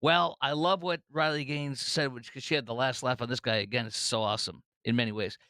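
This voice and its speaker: A man's voice: medium pitch, fairly even intonation, brisk, pushed and bright, clean tone, dry recording. A middle-aged man hosting a political commentary show, talking effusively and emotionally, often restarting and repeating words. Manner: effusive, emotional, breaks into laughter. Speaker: podcast host.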